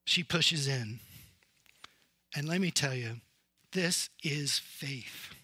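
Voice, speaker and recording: A man pastor preaching a sermon, telling the story with animated swings from loud emphasis to hushed tones. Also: on the high side, slow, breathy edge, no room sound.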